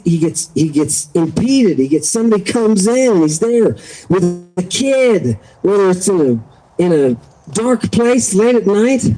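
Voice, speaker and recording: A man hosting an animated livestream lecture, excitable and exclamatory, with frequent joking asides. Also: high voice, rough recording. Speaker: livestream host.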